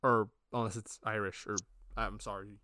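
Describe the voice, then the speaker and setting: A man co-hosting a casual podcast, chatting in a relaxed, agreeable way and often saying "alrighty.". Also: fairly low pitch, moderate pace, no room sound, clean studio sound. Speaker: podcast co-host. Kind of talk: casual chat.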